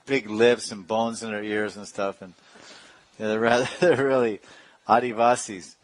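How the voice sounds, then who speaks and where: A man's voice: medium pitch, fairly even intonation, normal speed, poor audio. A man giving a sermon as a spiritual teacher, telling stories and now and then imitating other people's speech playfully. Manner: storytelling with playful imitations and laughs.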